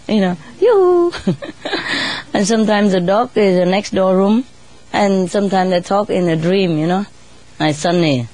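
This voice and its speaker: A woman chatting casually in non-native English, laughing often and sometimes mimicking birds in a squeaky voice. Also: a little hiss or hum. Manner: laughs often between phrases; imitates birds in high squeaky voice. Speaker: bird keeper telling stories. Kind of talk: casual storytelling.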